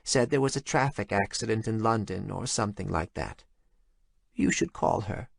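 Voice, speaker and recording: A man voicing a grieving older mother who speaks in a trembling, hushed, halting voice on a phone call in an audiobook. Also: fairly low pitch, creaky, no room sound, clean studio sound. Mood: shaken.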